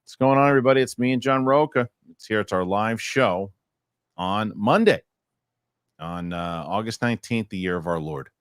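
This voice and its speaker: A man's voice: lowish voice, moderate pace, clear, resonant tone, no echo, clean studio sound. A man co-hosting a live entertainment news show, joking and rambling in casual chat and reading news aloud. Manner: animated, joking, rambling asides.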